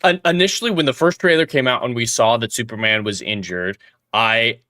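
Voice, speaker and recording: A man co-hosting a casual podcast discussion, making his points in a measured, critical way. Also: medium pitch, bright, forceful tone, no echo, studio quality. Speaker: podcast co-host.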